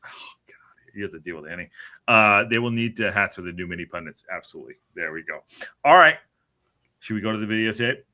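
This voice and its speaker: A man hosting a podcast, calling match highlights in an excitable, joking play-by-play with some swearing. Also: fast talker. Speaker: podcast host. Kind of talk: casual match commentary.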